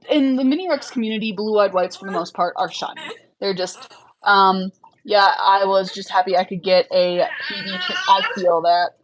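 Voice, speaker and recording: A woman's voice: mid-range voice, normal speed, background noise. Chatty woman answering livestream questions. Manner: chatty, frank, lots of fillers. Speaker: livestream host, rabbit breeder. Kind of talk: casual livestream chat answering viewer questions.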